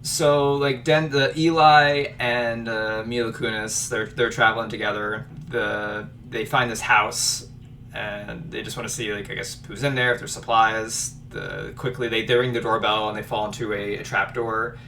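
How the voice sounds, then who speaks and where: Bright-voiced man recapping a film. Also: fairly low pitch, flat delivery, moderate pace, far from the mic, slight background noise. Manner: retells scenes with playful quoted voices. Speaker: podcast co-host. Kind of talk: casual movie chat.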